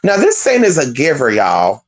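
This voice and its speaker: Lively storyteller vlogger with swooping pitch, swears freely, slangy, keeps addressing viewers. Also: normal speed. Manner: animated, profane, slangy, addresses viewers as "y'all". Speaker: spiritual vlogger.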